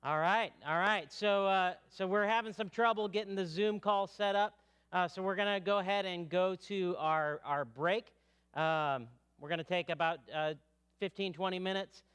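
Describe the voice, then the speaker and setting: Smooth-voiced man announcing in a hall. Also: high voice, moderate pace. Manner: relaxed, filler-heavy. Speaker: event host. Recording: long hall reverb.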